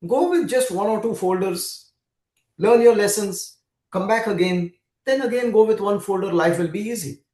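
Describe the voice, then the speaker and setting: A patient, fatherly God warns in a gentle, measured voice, as a man telling a story puts him on. The voice sits fairly high for a man. The room gives it a noticeable echo. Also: far from the mic, close to an everyday voice. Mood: cautioning. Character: God, a patient, cautioning fatherly male deity. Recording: roomy echo.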